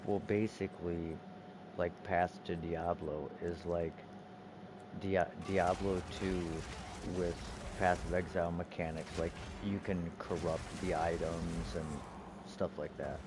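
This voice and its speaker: A man's voice: deep voice, steady tone, takes it slowly, noisy background. A man streaming in casual gaming chat, rambling and profane, restarting his sentences often.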